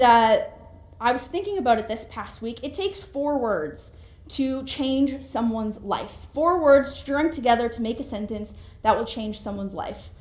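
A young millennial woman preaching a sermon in a chatty, conversational way with lively asides. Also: high-pitched. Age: young adult. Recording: echoey room.

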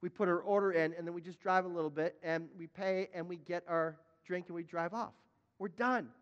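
High-voiced preaching man in a hall. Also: fairly even intonation, fairly quick, clear, resonant tone, lo-fi sound. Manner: emphatic preaching with repeated words and sudden shouted appeals. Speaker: pastor. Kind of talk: sermon.

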